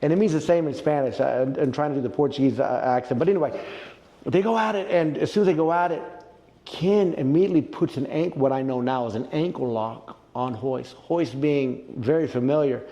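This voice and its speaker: A man in a casual interview, telling a story with animated retelling and quoted reactions. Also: mid-range voice, fairly quick, big-room sound, dull audio. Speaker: interview guest, jiu-jitsu black belt.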